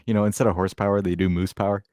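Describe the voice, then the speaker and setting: Man, podcast host, casual comedic chat, lowish voice, dry close sound. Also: rapid-fire, no room sound. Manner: joking, animated, stumbles over words.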